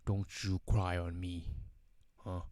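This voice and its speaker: A man's voice: sits low, flat delivery, slow pace, warm tone, no echo. A man voicing his strict, scolding middle-aged father in a story.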